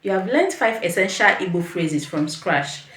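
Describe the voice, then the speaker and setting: Encouraging woman teaching phrases, lively pitch. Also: roomy sound, a little hiss or hum. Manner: patient, encouraging, repeats phrases slowly for the viewer. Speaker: language teacher. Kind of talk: beginner language lesson with call-and-repeat.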